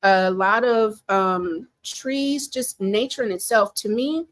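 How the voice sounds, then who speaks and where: A woman talks through pop culture in a casual home commentary. Her voice sits at an everyday middle pitch, and her delivery is animated, chatty and full of strong opinions. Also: slow, no echo.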